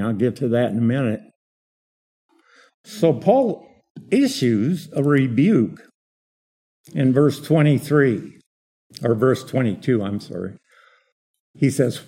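A man's voice: mid-range voice, dark tone, husky. A man preaching an expository sermon, explaining a passage and asking rhetorical questions.

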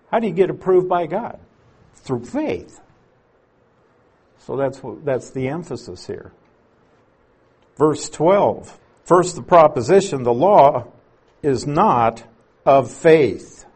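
A man's voice: mid-range voice, a little mellow, breathy edge. A man teaching through scripture in an expository sermon, patient and explanatory, leaning on key words to drive his points home. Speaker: Bible teacher.

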